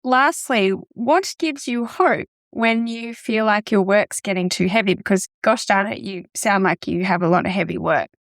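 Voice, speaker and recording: A woman hosts a podcast, reacting effusively and thanking her guest at an ordinary pitch. Her voice is recorded close and dry, with no echo. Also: moderate pace, few pauses. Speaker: podcast host. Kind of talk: warm interview wrap-up.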